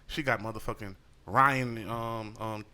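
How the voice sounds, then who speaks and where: Animated, bright-voiced man telling stories. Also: unhurried, smooth. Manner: animated storyteller, acts out his daughter in a high voice; profane, laughs often. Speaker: podcast co-host. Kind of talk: casual chat.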